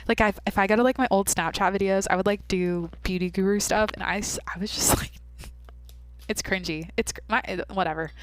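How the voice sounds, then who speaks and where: A young woman hosts a podcast, delivering a candid, rambling monologue and saying "like" constantly. Her mid-range voice is smooth and fairly quick, recorded with no room sound.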